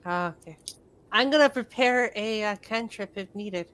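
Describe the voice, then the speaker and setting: A woman playing a tabletop game over voice chat, chatty and quick, trailing off into fillers. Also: medium pitch, a bit bright. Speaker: player.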